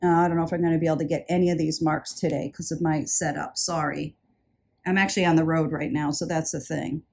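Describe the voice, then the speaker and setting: A woman's voice: low-pitched, flat delivery, fast talker, vocal fry, darkish tone, a little hiss or hum. Woman, jewelry haul vlogger, chatty, gushing, casual show-and-tell. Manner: chatty, enthusiastic, self-interrupting with repeated words. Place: indoors, traveling.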